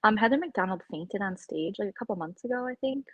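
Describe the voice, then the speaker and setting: A woman's voice: medium pitch, animated, fairly quick, fairly bright tone, husky, no room sound, lo-fi sound. A woman vlogger in casual live-stream chat, rambling and opinionated as she reacts to her viewers' comments.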